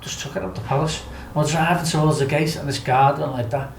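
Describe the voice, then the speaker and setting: A man's voice: on the high side, quick pace, roomy sound, slight background noise, low-quality recording. A Scouse man from Liverpool telling a wild story as a podcast guest, laughing often, swearing freely and acting out what people said. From Liverpool, England. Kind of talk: casual anecdote telling.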